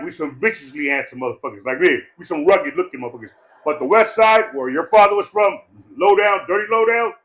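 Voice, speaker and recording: A man giving a rambling, joking eulogy at a memorial gathering, loud and full of swearing. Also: on the high side. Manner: profane, loud and jokey, breaks into laughter.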